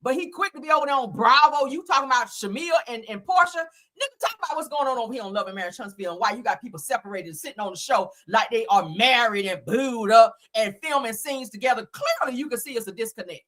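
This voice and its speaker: A woman's voice: on the high side, lively intonation, fast talker, a bit bright. A woman hosting a casual gossip show, talking bluntly and profanely in a fired-up way. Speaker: host.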